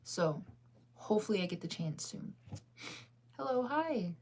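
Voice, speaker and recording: A woman's voice: mid-range voice, sing-song, unhurried, a little mellow. A sleepy, yawning woman hosting a casual livestream, chatting in a rambling, giggly way as she answers viewers' comments. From United States. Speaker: livestream host.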